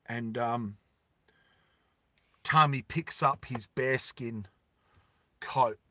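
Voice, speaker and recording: Slow, bright-voiced male storyteller. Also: medium pitch, no room sound. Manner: slow deliberate with emphatic repeats. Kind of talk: dramatic storytime narration.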